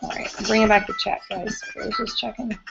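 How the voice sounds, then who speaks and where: A woman with a highish voice speaks fast in a flat delivery with vocal fry while live-streaming from her home studio. She chats casually and gushes answering viewers as she works, picked up by a computer mic in muffled lo-fi stream audio with faint music.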